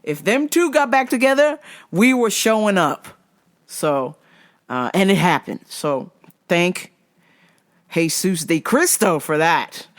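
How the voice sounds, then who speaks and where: A podcast host ranting casually about fights, swearing a lot and getting heated and excitable. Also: unhurried. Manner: wide, jumpy pitch swings when worked up. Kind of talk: casual solo rant podcast.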